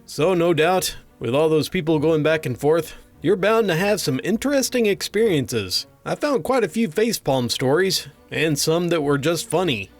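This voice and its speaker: A man's voice: on the high side, lively intonation, moderate pace, faint music behind. A man narrating a string of funny doctor and patient stories, with a dry comic delivery. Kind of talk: reading funny anecdotes aloud.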